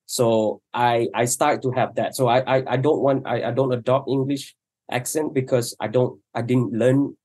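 A man from Malaysia, a native Malay speaker, talking in a halting way as a guest and often repeating words. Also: medium pitch, fairly even intonation, darkish tone. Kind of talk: casual talk.

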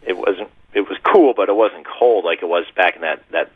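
A man's voice: sits low, moderate pace, husky, no echo. A man who is a TV meteorologist, calling in to chat with a radio show, talking in a chatty, rambling way. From western Massachusetts. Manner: chatty, self-deprecating, stumbling over words. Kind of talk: casual phone-in chat. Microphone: phone. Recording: tinny dry phone line.

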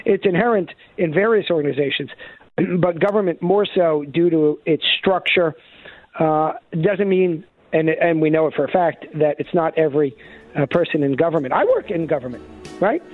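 A man guest-hosting a talk radio show as a law professor, speaking emphatically and clearing his throat now and then. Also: a little high, moderate pace, no room sound. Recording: dry, phone-like talk radio sound.

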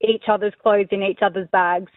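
A woman's voice: mid-range voice, fairly even intonation, a little fast, no room sound. Easygoing woman on the phone. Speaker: caller. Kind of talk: telling an anecdote. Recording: tinny phone line.

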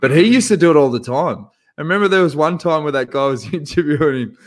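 A man's voice: on the high side, fast talker. A man co-hosting a podcast in casual banter, acting out quotes as he tells stories. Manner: animated storyteller who acts out quotes. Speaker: podcast co-host.

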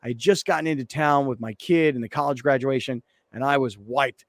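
Animated radio host, dry mic. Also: male voice, a little fast, no echo. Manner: animated storyteller, mimics others with high voices. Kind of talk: casual radio banter.

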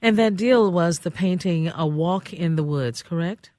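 A woman's voice: lowish voice, unhurried, dark tone, no room sound, clean studio sound. A woman hosting a radio talk show, chatty and effusive, often laughing. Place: radio studio.

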